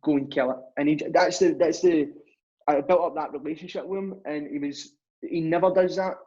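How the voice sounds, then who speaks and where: A young man speaks as a podcast guest, telling his story in a chatty, rambling way and acting out bits of dialogue. His voice is fairly high and darkish, with fairly even intonation and a moderate pace. The recording is muffled and lo-fi.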